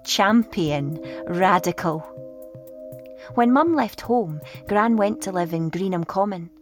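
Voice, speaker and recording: A woman reading a first-person storybook as an expressive child narrator. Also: medium pitch, moderate pace. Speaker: audiobook reader. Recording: read over clear music.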